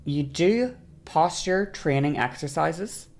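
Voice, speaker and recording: Brief: woman streamer, low and gravelly, loose rambling explainer who slides her voice up and down to demonstrate. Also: animated, slow, darkish tone. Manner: rambling, self-correcting, laughs often. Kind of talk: casual livestream explainer.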